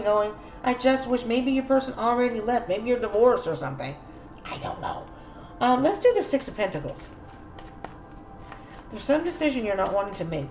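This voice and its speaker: Woman tarot reader, chatty and musing, gravelly edge, roomy echo with faint room noise. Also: fairly high pitch, darkish tone. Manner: chatty, musing aloud, addresses viewer directly. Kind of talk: casual spoken tarot reading.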